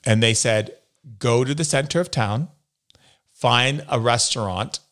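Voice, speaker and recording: A man's voice: medium pitch, a little slow, a bit bright. A man from the United States, a spiritual healer as interview guest, telling stories and acting out the voices he quotes. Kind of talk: storytelling in a conversation.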